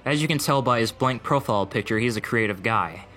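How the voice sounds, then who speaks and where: A young man giving deadpan, mocking commentary over gameplay clips. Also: mid-range voice, fairly quick. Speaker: gaming video creator. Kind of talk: sarcastic gaming commentary. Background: faint music.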